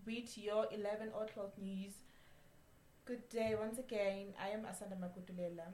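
A woman news anchor reading a radio news bulletin in a measured way, with a few slips and restarts. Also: medium pitch, steady tone, darkish tone, reverberant, slight background noise. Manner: measured newsreader delivery with occasional slips and restarts.

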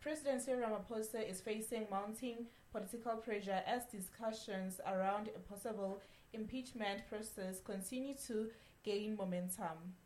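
Lady doing the radio news, steady read, bit of room echo, mid voice. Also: medium pitch. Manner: measured newsreader delivery with occasional slips and restarts. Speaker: news anchor. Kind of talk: radio news bulletin reading.

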